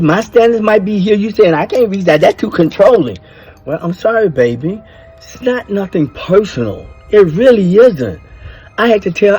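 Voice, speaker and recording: A man's voice: fairly high pitch, darkish tone, slightly rough, dull audio. An older man, talking bluntly and preachily about marriage, swearing freely and stressing his points. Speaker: speaker giving advice to men. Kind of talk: casual monologue.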